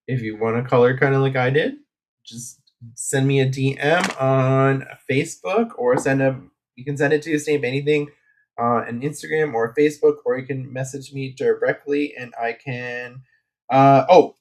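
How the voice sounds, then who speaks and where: Man, mid-range voice, rambling live-stream chat, casual, craft-desk talk. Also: medium pitch. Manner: rambling and chatty, with many fillers and asides.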